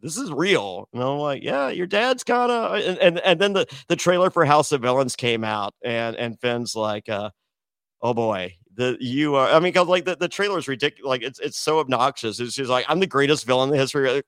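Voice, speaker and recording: A man's voice: medium pitch, moderate pace, fairly bright tone, clean tone, no room sound. Rambling man telling a story, dry sound. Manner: rambling, many restarts, acts out quoted voices. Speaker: podcast guest. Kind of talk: casual storytelling.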